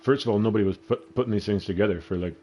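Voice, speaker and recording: A man's voice: lowish voice, racing, dark tone, soft background music. A man with a Canadian accent, telling a rambling, profane story while playing a game. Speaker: gaming vlogger. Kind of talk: casual storytelling over gameplay.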